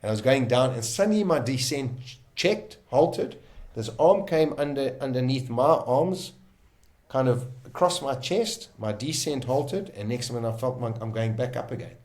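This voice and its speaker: A South African man, a podcast guest, vividly retelling a dramatic survival story in the first person, emphatic and quick to restart his sentences. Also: medium pitch, lively intonation, darkish tone.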